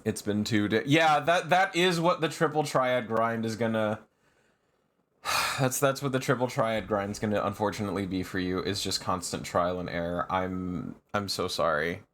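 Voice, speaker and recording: A man streamer chatting casually on a live stream, rambling with fillers and laughs, and often jumping to high, shrieking protests. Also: normal speed, a bit bright, a little hiss or hum.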